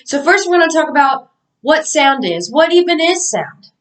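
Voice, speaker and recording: A woman's voice: sits high, sing-song, moderate pace, far from the mic, poor audio. A young woman giving a mock lesson to a class of children in an upbeat, sing-song teacher voice.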